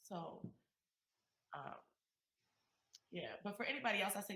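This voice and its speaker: Woman from Queens, emotional storyteller, bright tone, roomy echo. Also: mid-range voice, lively intonation, unhurried. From Queens, New York, USA. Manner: emotional, emphatic, swings from loud to hushed. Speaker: guest, community activist. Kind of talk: heartfelt personal storytelling in conversation.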